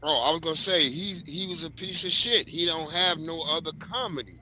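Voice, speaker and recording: A man's voice: fairly high pitch, a little fast, pushed and bright, a little hiss or hum, rough recording. A man on a casual panel, speaking bluntly and heatedly and swearing freely.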